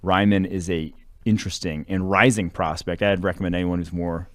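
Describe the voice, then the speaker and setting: A deep-voiced man breaks down football prospects on a podcast, rambling and correcting himself as he goes. His talk is casual and loose, full of "like" and "uh.". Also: fairly even intonation, fairly quick. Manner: rambling, filler-heavy, self-correcting. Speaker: draft analyst co-host. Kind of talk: casual sports analysis chat.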